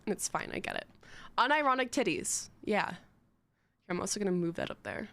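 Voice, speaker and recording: A woman's voice: medium pitch, animated, brisk, a bit bright. A young woman streaming live, chatting in a rambling, giggly, self-mocking way to her chat.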